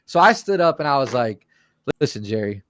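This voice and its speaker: A man's voice: fairly high pitch, a little fast, clear, resonant tone, dry recording. A man on a podcast telling a rowdy, profane story in casual chat and acting out the quotes. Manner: animated, profane, acts out quotes.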